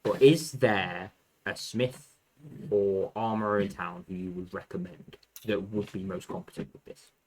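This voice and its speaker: Gravelly, hesitant man. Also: on the low side, steady tone. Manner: hesitant, with ums and pauses. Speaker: player. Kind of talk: tabletop role-play chat.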